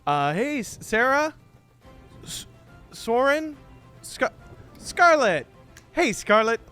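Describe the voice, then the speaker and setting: A man's voice: extremely high pitch, very animated, takes it slowly, bright, forceful tone, clean tone, soft background music, pitched above the performer's own voice, full character voice. A man voicing a dapper, raunchy male gnome bard who belts crude songs and hollers at the crowd. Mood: cheery shouting. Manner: belting crude lyrics, hollering.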